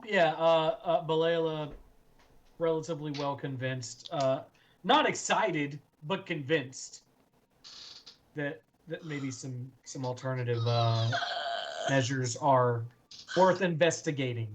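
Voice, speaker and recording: A player in a casual tabletop game, explaining things in a halting way with restarts. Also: mid-range voice, a little hiss or hum.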